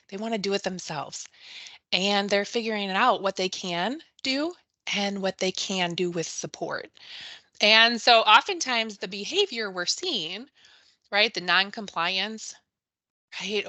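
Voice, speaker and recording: A woman's voice: mid-range voice, bright, forceful tone, dry recording. A woman presenting a live webinar on early childhood education, who often tags her sentences with a questioning "right?" and talks to attendees by name. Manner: addresses attendees by name and reads the chat.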